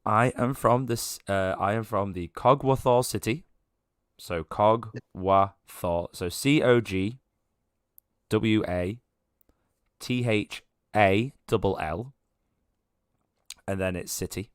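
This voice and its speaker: A man voicing an excitable young human man who gushes, stammers and gets easily overwhelmed, in a tabletop game. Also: fairly low pitch, takes it slowly, long pauses, clean tone, dry recording, studio quality. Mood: flustered. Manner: breathless, gushing, stammering.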